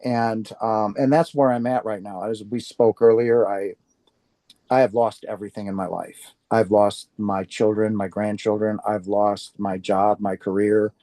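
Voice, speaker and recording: An older man from Wisconsin speaks as an interview guest, recounting his own story in an earnest, heartfelt way. His voice is warm and mellow, and it comes across close and dry with little room sound. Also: lowish voice, fairly even intonation, measured pace, dry recording. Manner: earnest, heartfelt, acts out quoted speech.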